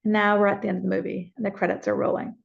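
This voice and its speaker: Woman teacher doing a guided meditation thing, kinda fry in her voice, muffled lo-fi mic. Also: medium pitch. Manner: slow soothing guidance, then lively teaching. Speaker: spiritual teacher. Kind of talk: guided visualization and talk. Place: spiritual center hall with online viewers. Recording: dull lo-fi sound.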